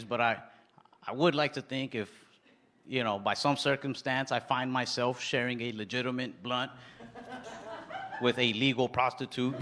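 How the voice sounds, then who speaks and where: A man's voice: medium pitch, far from the mic, background noise. A man in his twenties doing stand-up comedy, with a laid-back, mumbly delivery and stammered restarts. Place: comedy club stage. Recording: roomy live club recording with crowd laughter.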